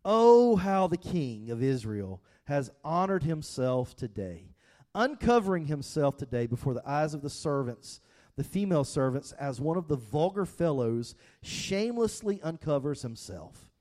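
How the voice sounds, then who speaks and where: A scornful woman dripping with sarcasm as she mocks her husband, as a male preacher voices her, pitched up high and loud with slow, drawn-out words. The tone stays mellow and dark. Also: very animated. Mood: sarcastic. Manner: sarcastic, mocking.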